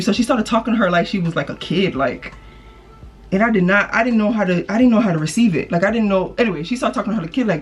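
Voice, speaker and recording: A woman's voice: mid-range voice, quick pace. Woman, casual storytime, chatty and slangy, acts out the quotes. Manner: chatty, slangy, animated retelling with quoted voices. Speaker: vlogger.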